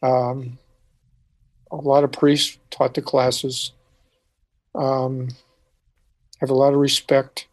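A man telling a personal story in conversation, halting with frequent restarts and dropping quiet at moments. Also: mid-range voice. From United States. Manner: halting, restarts often, quiet when recalling. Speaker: speaker telling his life story.

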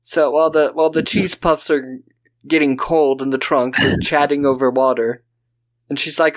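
A man's voice: fairly high pitch, moderate pace. A man co-hosting a podcast, casually and animatedly riffing on a movie with some swearing. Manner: animated, swears, does mocking voices of characters. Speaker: podcast co-host.

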